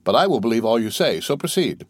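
A man reading an audiobook, voicing a calm, reasonable young gentleman who speaks politely and in a measured way. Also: mid-range voice, dry recording. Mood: coaxing.

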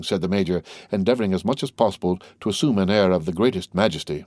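A man narrating a classic novel with a steady, formal delivery. His voice is low. The recording is close and dry, with no room sound. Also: fast talker, dry recording. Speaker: audiobook narrator. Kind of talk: literary audiobook narration.

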